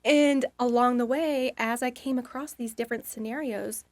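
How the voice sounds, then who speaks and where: A woman's voice: a little high, steady tone, normal speed, a little mellow. A woman guest on a podcast, telling a long personal story in a rambling, casual way, with lots of fillers and little acted-out bits of inner dialogue.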